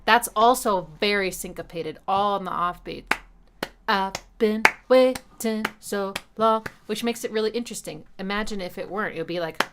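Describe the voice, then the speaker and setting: A woman's voice: mid-range voice, fast, few pauses, noisy background. A woman hosting a listening party, eagerly breaking down a song's rhythms and chords, scatting riffs and swearing casually when she slips. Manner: enthusiastic, hums and scats rhythms, swears casually. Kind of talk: casual music breakdown chat. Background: album music playing.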